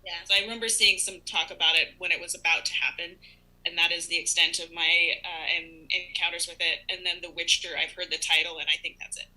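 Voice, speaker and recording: Very bright-voiced woman joking around. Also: fairly low pitch, fast talker, rough recording. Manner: self-deprecating, animated, acts out her own reactions. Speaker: comedy show guest performer. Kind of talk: casual comedic banter.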